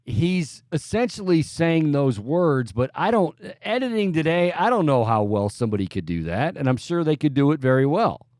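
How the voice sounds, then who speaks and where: A man's voice: fairly high pitch, big pitch swings, moderate pace, few pauses, darkish tone, no room sound, studio quality. A man hosting a sports talk radio show in a casual, chatty way, often restarting his sentences.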